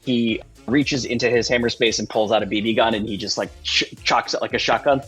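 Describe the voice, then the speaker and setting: A man narrating as game master of a tabletop game, lively and playful. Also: medium pitch, fairly quick, breathy edge, faint music behind.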